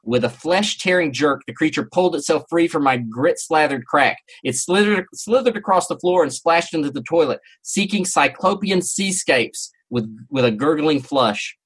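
A man's voice: on the high side, animated, moderate pace, hardly any pauses, fairly bright tone, breathy edge. A man hosting a podcast, giving a theatrical first-person story reading with mock-serious relish. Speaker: podcast host.

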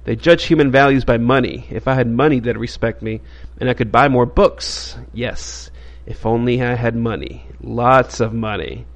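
Brief: a bitter, eccentric psychology professor, scornful and lecturing, in a mid-pitched voice, as read by a man. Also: steady tone, normal speed, lightly acted. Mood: resentful.

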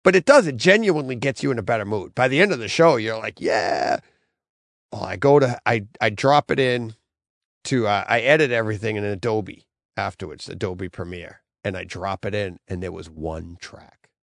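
A man's voice: lowish voice, a little fast, creaky, no echo, studio quality. A middle-aged man hosting a podcast, rambling through a story in casual chat and acting out his own quotes. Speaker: podcast host.

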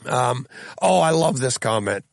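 A man's voice: medium pitch, lively intonation, measured pace, gravelly, no room sound. A man hosting a podcast in casual chat, reading and answering listener comments, rambling and chuckling often as he restarts sentences. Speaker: podcast host.

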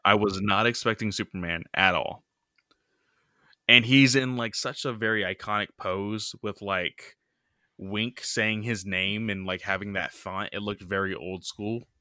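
A man's voice: lowish voice, fairly even intonation, unhurried, bright, forceful tone, no echo, clean studio sound. A man co-hosting a podcast, recapping a comic in loose casual chat full of fillers. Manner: loose, filler-heavy retelling with many "you know" and "like".

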